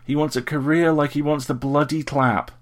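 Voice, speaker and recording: A man voicing a bitter young army captain who bursts out, his voice rising shrill. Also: fairly even intonation, moderate pace, lightly acted. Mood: bitter rant. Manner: rattling, bursting into shrill shouts.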